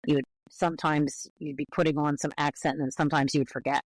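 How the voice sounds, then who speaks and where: An American woman linguist, a podcast guest, explaining patiently and carefully with clear qualifications. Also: low voice, level tone, fast talker, no room sound, rough recording. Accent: American English.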